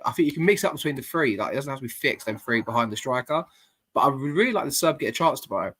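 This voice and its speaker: A man's voice: medium pitch, lively intonation, racing, a bit bright, breathy edge. A man hosting a casual football podcast, blunt and laddish, swearing freely, talking over a remote call. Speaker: podcast host.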